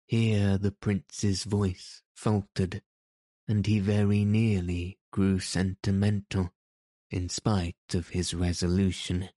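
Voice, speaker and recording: Low, slow male audiobook narrator. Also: no echo, clean studio sound. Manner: measured, even storytelling. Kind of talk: scripted narration.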